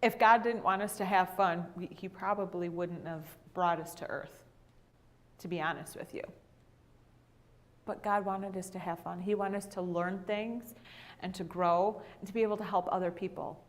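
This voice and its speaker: A woman teaching a women's Bible class in a church classroom, telling lively stories and acting out what people said. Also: on the low side, moderate pace. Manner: animated storyteller who acts out quotes. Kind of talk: storytelling church lesson.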